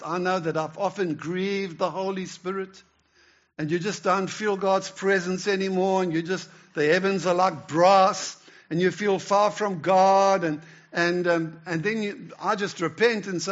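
Guy preaching at church, chatty and stumbly, kinda high voice, muffled recording. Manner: conversational preaching with stammered restarts. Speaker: pastor. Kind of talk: sermon.

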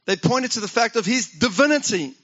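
A man's voice: very high-pitched, lively intonation, a little fast, bright, forceful tone, highs cut off. A man preaching a sermon as pastor, talking conversationally and asking the congregation questions.

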